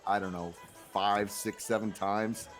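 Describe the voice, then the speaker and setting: A man's voice: fairly low pitch, steady tone, measured pace, faint music behind. A man co-hosting a casual live show, rambling through childhood memories and repeating words as he restarts. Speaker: podcast co-host. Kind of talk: casual chat.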